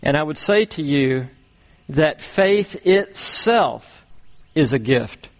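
A man preaching a sermon, speaking deliberately with frequent pauses and repeated words as he walks through scripture. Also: on the high side, animated. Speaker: pastor.

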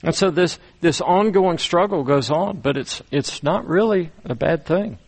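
Guy preaching slow and careful, kinda high voice, lots of pauses and repeats. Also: lively intonation, husky. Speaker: pastor. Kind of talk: sermon.

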